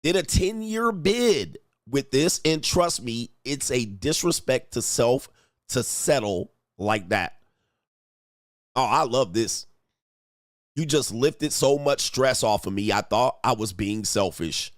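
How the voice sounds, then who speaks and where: Animated man reacting in casual commentary. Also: mid-range voice, takes it slowly, no room sound, clean studio sound. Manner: animated, slangy, mocks others in put-on voices. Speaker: relationship commentary host.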